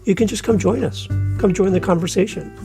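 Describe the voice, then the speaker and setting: A man hosting a solo podcast, giving energetic, playful advice and sometimes mimicking listeners in silly voices. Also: high-pitched, a little fast, music in the background. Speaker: podcast host.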